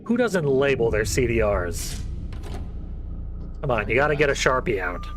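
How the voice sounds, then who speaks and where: A man's voice: medium pitch, big pitch swings, normal speed, music in the background. A man hosting a let's play, giving casual, wry commentary and laughing often.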